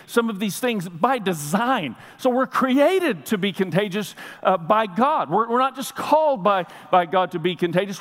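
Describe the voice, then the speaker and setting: A middle-aged male pastor preaching, telling stories animatedly and building up to shouts. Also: high-pitched. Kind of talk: sermon. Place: church sanctuary. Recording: long reverb of a large hall.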